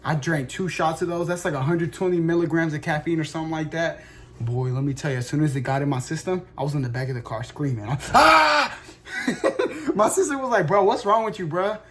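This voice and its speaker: Young guy streamer rambling on, slangy n sweary, kinda high voice, yells out of nowhere. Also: fast, a little hiss or hum. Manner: animated, rambling, slangy, swears a lot, bursts into loud shouts and laughs. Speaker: streamer telling a story. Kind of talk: casual storytelling monologue.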